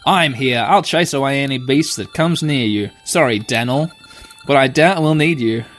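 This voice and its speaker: A man's voice: medium pitch, normal speed, fairly bright tone, natural voice. A man reading out a self-assured young male protector from a game. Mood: boastful.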